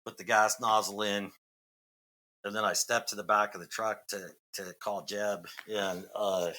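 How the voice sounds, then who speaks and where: A man's voice: lowish voice, level tone, measured pace, pushed and bright. A middle-aged man from Massachusetts, a podcast guest, telling a long story in a rambling way with many fillers and restarts. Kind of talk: casual storytelling.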